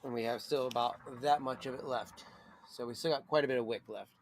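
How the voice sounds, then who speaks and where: Relaxed rambling man hosting a stream. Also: mid-range voice, fairly quick, a little hiss or hum. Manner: rambling, filler-heavy, relaxed. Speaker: pipe smoking channel host. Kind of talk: casual livestream chat.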